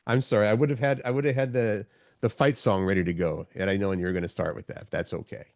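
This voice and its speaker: A man's voice: fairly low pitch, fairly even intonation, fast, creaky, a little mellow, no echo, clean studio sound. Easygoing, teasing man co-host. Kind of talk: casual morning podcast chat.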